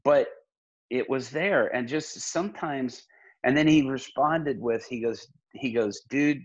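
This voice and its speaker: A man's voice: mid-range voice, measured pace, lo-fi sound. A middle-aged man, a pastor and podcast guest, talking earnestly in casual conversation, with many restarts.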